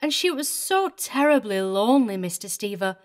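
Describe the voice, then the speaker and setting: A woman's voice: medium pitch, very animated, normal speed, lightly acted. A woman voicing a prim, tearful older female governess who speaks with fussy, indignant precision. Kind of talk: audiobook character reading.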